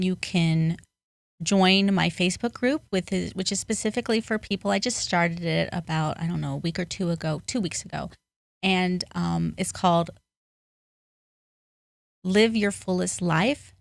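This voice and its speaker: Woman, life coach, gravelly low voice, dry close sound, motivational. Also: no room sound. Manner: earnest, motivational, emphatic bursts. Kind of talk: podcast interview.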